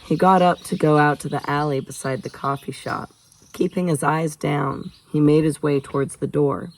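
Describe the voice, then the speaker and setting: A man's voice: a little high, fairly even intonation, normal speed, creaky, poor audio. A man reading a novel aloud in a casual way, stopping for chatty asides and laughing off his own slips. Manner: chatty asides, jokes about own stumbles. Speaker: audiobook reader.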